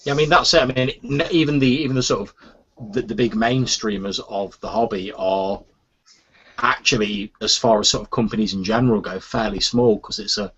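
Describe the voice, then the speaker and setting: A man with a low, husky voice rambles through casual chat, piling up fillers and hedges as he talks. The audio is dull and lo-fi, like an old home podcast recording. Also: steady tone, a little fast, a bit bright. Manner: rambling, lots of fillers and "sort of". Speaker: podcast host.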